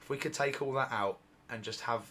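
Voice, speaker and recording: A middle-aged man hosting a UFO channel, giving excited, repetitive commentary over video footage, his voice going hoarse. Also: mid-range voice, a little fast. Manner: excitable, repetitive, exclaims often.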